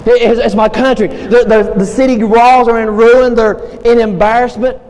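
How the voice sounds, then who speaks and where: An ordinary man grieving for his homeland speaks haltingly, stumbling over his words, as a preacher acts him out. His high voice echoes with long church-hall reverb. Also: steady tone, darkish tone. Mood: upset. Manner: halting, stammering.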